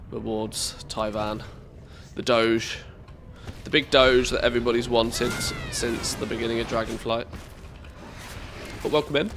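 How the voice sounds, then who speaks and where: A man's voice: medium pitch, noisy background. A man with a nasal voice, congested from a cold, giving casual commentary as he streams a game, rambling with restarts and dry jokes. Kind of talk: casual live-stream commentary while playing.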